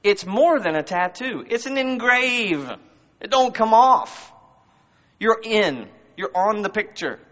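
A man's voice: high voice, expressive, takes it slowly, a bit bright. A man preaching a sermon to a congregation in a church, in a conversational style full of rhetorical questions. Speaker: pastor. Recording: muffled, long hall reverb.

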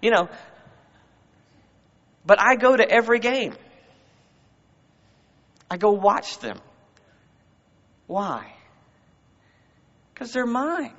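Through a muffled recording with long hall reverb, a man delivers a sermon to a church congregation. This pastor's voice sits high and sounds bright and forceful, and he speaks conversationally, leaning heavily on rhetorical questions.

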